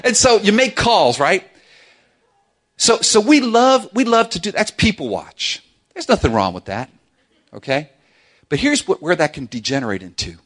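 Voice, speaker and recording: Casting note: middle-aged male pastor, lively and humorous sermon delivery, bright, ringing voice, pitch swinging widely. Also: normal speed. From South Florida. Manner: animated, humorous, acts out quoted voices. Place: church sanctuary with congregation.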